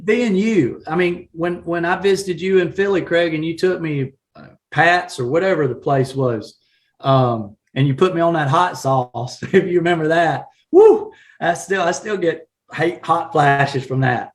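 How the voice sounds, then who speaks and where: A man with a Southern accent from South Carolina, talking in a folksy, animated way with frequent laughs in a casual live-stream chat. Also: on the high side, measured pace. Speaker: guest, real estate agent.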